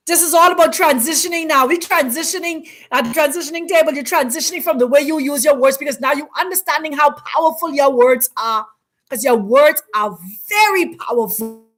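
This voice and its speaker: A woman hosting a spiritual teaching talk, speaking in an emphatic, preacherly way with repeated, drawn-out phrases. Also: high-pitched, fairly bright tone. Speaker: host.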